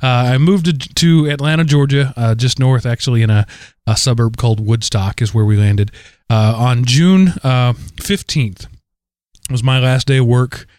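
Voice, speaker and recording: A man's voice: medium pitch, moderate pace, clear, resonant tone, no echo, studio quality. Chatty fortyish man telling a story. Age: 40s. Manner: rambling storyteller, many fillers and restarts, animated. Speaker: podcast co-host. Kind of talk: casual chat.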